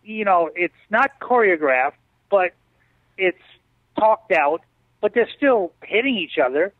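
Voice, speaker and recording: Speaking slowly in a high voice, a man recounts stories as an interview guest on a video call, playing out the lines of the people involved. The conversation is casual and animated, captured as dry, tinny call audio with no echo.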